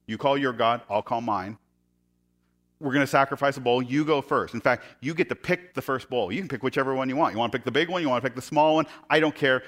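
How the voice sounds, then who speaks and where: A pastor preaches a sermon, retelling a scripture story with sarcastic jokes and occasional laughter. Fairly quick with a fairly bright tone, he acts out quoted lines in shifting higher and lower voices.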